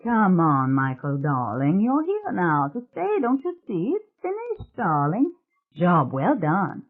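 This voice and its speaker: A narrator voicing an eerie young woman who coaxes sweetly in a high, drawn-out voice, in a tinny phone-like recording. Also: huge pitch swings, full character voice. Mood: coaxing.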